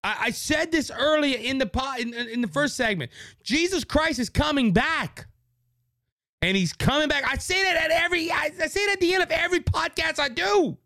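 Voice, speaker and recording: Brief: male podcast host from Louisiana, high bright voice, preachy and fervent, dry close mic. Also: normal speed, creaky, no room sound. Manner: preachy, fervent, repeats words when worked up. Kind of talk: impassioned political podcast monologue. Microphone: studio microphone.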